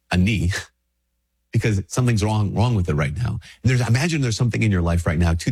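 Husky low-voiced priest with a cold. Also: male voice, a little mellow. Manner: conversational, acts out little dialogues, repeats words. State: sick with a stuffy nose. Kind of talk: casual spoken reflection.

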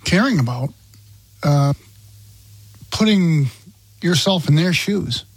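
A man's voice: fairly high pitch, lively intonation, takes it slowly, breathy edge, no echo. A man in casual conversation, speaking sincerely and thoughtfully as a guest.

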